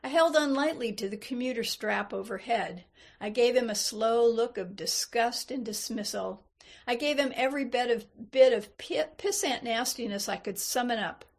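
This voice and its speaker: A woman reading a first-person story aloud in a measured, unhurried way. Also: fairly high pitch, creaky. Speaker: reader. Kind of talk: storybook narration.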